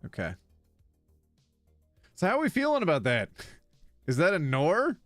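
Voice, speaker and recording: A man's voice: fairly high pitch, huge pitch swings, moderate pace, no echo, soft background music. A man streaming live, reading online posts aloud in a casual, giggly way and stumbling over words as he reacts.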